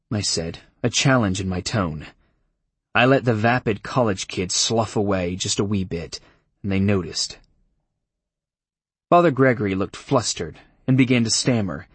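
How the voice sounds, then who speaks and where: Man, audiobook narrator, first-person, dry wry tone, husky voice, dead dry recording. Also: fairly low pitch, no room sound.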